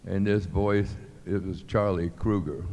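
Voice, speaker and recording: A man's voice: sits low, measured pace, big-room sound. An older man telling stories as a guest, acting out the voices in his tales. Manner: animated storyteller acting out quotes. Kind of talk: storytelling. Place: club venue with live audience.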